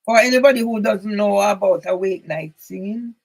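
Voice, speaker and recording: A woman's voice: medium pitch, normal speed, gravelly, rough recording. A woman from Jamaica with a Jamaican accent, talking in a rambling, emphatic personal monologue that drifts into patois. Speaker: channel host.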